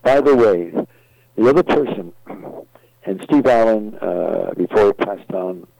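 Deep gravelly older man telling stories. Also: animated, unhurried, dark tone, dry recording. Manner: rambling, many fillers and restarts. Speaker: guest entertainer. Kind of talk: interview storytelling. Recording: dull, dry lo-fi audio.

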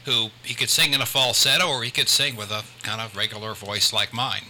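Older male radio talk host, bright tone, rambling delivery, faint studio noise. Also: lowish voice, steady tone, brisk, low-quality recording. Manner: chatty, rambling with many restarts.

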